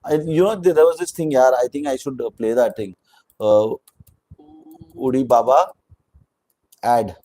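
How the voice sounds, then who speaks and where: A man's voice: mid-range voice, steady tone, measured pace, long pauses, dark tone, rough recording. A man with an Indian English accent giving opinionated, chatty commentary on a reality show, slipping Hindi words into his talk. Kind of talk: casual video commentary.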